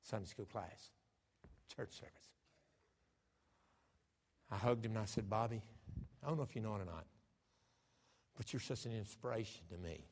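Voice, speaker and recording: American pastor preaching in a reverberant church. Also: male voice, on the low side, moderate pace, vocal fry, pauses often. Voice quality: emphatic preaching, swings from hushed to shouting. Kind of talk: sermon. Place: church sanctuary.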